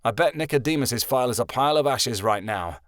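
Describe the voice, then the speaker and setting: A man's voice: medium pitch, expressive, brisk, a bit bright, no room sound, clean studio sound, close to an everyday voice. A man voicing an indignant teenage boy in a fantasy audiobook. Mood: grim. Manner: heated, indignant. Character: angry teenage boy of nearly sixteen.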